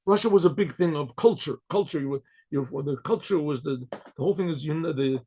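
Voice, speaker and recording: A man, a rabbi, telling a story in a loose, conversational way. He clears his throat often and restarts his sentences. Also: a little high, fairly quick, dark tone.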